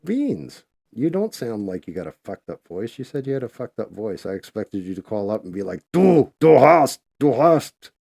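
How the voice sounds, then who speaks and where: A man's voice: lowish voice, big pitch swings, a little fast, creaky, hardly any pauses, dark tone, husky, no echo, clean studio sound. A man hosting a live stream, chatting casually and swearing freely while he paints. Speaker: livestream host.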